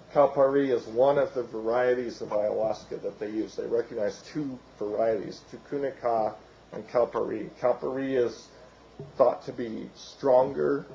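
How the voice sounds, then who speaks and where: Guy losing his voice giving a science talk, gravelly, lots of ums, muffled old recording. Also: mid-range voice, mellow, a little hiss or hum. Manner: halting, with many fillers and restarts. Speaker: researcher giving a lecture. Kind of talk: academic lecture with slides.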